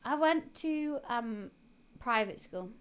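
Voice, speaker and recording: Hiccuping young woman, high voice. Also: expressive, slow pace, clean tone. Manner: rambling, with many fillers and restarts. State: has the hiccups. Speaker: live streamer. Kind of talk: casual chat to stream viewers.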